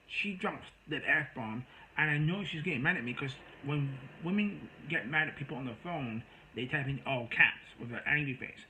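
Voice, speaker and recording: A man's voice: a little high, normal speed, sharp tone, a little hiss or hum, rough recording. A man telling a rambling, exasperated story in a casual monologue to his viewers. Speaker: storyteller vlogger.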